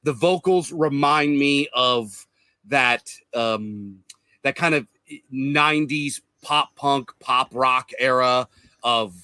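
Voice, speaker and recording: A man's voice: medium pitch, takes it slowly, sharp tone, smooth, no room sound. A man co-hosting a podcast, casually reviewing an album with many fillers and restarts, swearing now and then. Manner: rambling, lots of restarts and fillers. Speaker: podcast co-host.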